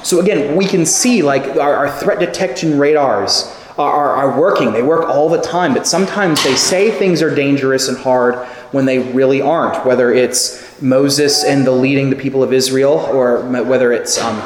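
A man preaching a sermon, telling stories with lively acted-out quotes. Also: medium pitch, normal speed, few pauses, background noise. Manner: animated storytelling with acted quotes. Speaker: pastor. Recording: echoey hall with long reverb.

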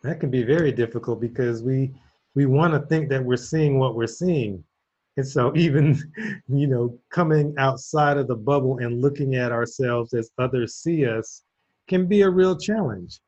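A man's voice: medium pitch, moderate pace, a little mellow. Reflective man telling stories, lo-fi sound. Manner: reflective, storytelling with laughs. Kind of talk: casual conversation. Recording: dull lo-fi audio.

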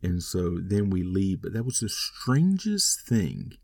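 A man's voice: low voice, sing-song, slow pace, gravelly, dry recording, clean studio sound. A man telling a rambling, wry personal story in a casual monologue. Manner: rambling, wry, self-deprecating.

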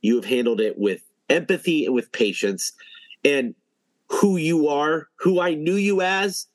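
A man's voice: a little high, unhurried, dry recording, low-quality recording. A man hosting a casual podcast interview, talking earnestly and repeating phrases for emphasis. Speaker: podcast host.

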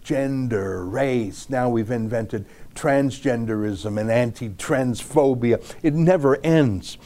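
A middle-aged man giving opinion commentary, reading an essay aloud slowly and emphatically. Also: medium pitch, warm tone. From Canada. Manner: emphatic, slow deliberate reading. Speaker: political commentator.

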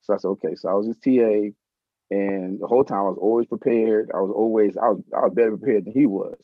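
Give me a husky, rapid-fire middle-aged man telling a story as an interview guest, in a dry, slightly dull recording. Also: lowish voice, no room sound. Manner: animated, acts out voices in his anecdotes. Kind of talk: casual storytelling.

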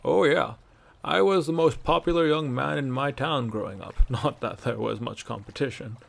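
A man voicing an older male Nord ex-legionnaire who boasts and teases, gruff and matter-of-fact. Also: medium pitch, moderate pace, pitched above the performer's own voice. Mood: joking.

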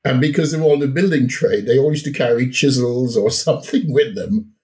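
A middle-aged man with a Jamaican accent mixed with British, telling stories as a guest in a casual conversation, relaxed and often laughing. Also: medium pitch, brisk. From Jamaica and England. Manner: relaxed, laughs often, repeats words as he restarts. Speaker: podcast guest.

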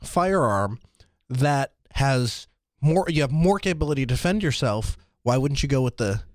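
A man's voice: mid-range voice, animated, normal speed, no echo, studio quality. A man co-hosting a casual podcast chat, talking eagerly about gear and tools. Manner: enthusiastic, tech and gear talk. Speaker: podcast co-host.

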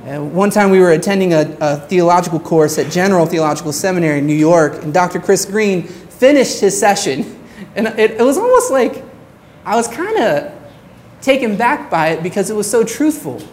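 A woman pastor preaching a sermon in an earnest way, slowing down on her key phrases. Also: on the low side, animated, a little mellow, slight background noise.

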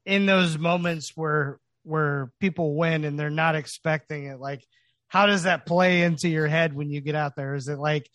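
Podcast host man, higher pitch, dry mic, eager reactions. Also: fairly even intonation, fairly bright tone, no room sound. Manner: enthusiastic, quick reactions. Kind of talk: casual podcast chat.

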